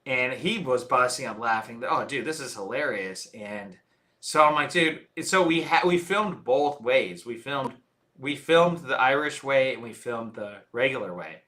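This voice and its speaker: A man, a filmmaker being interviewed, telling animated stories in casual chat and laughing often. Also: medium pitch, measured pace. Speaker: filmmaker, guest.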